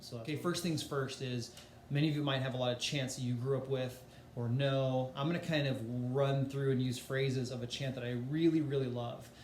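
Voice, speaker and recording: A man teaching music in a relaxed, chatty way, with filler words and sung demonstrations. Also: mid-range voice, normal speed, roomy sound, slight background noise.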